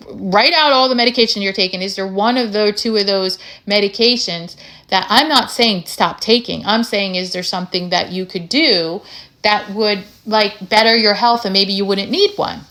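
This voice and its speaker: A woman with an American accent hosting a health podcast, talking in an animated, emphatic way and asking lots of rhetorical questions. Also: medium pitch. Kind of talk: casual solo podcast talk.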